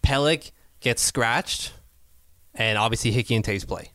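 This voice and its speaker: Chatty male podcast co-host, mid-pitched, dry close sound, casual hockey talk. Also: a little slow, a bit bright, no echo. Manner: chatty, self-correcting, laughs easily.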